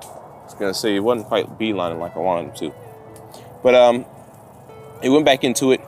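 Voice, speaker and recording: Sex: man. Style: animated storytelling vlog. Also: lowish voice, normal speed, soft background music. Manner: animated, gets worked up while retelling. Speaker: vlogger and dog trainer. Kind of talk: casual storytelling to camera.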